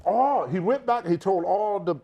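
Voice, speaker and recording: An older retired wrestler from the United States speaks at normal speed in a high-sitting voice with a breathy edge, and the highs are cut off. He recounts a shoot-interview story animatedly, repeating words and voicing the other people.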